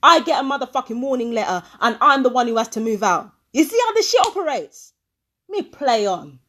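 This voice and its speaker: A woman's voice: on the high side, very animated, brisk, fairly bright tone. A woman ranting angrily in a vlog, swearing and firing repeated questions at a recording she plays. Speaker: vlogger. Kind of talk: angry commentary over a played recording.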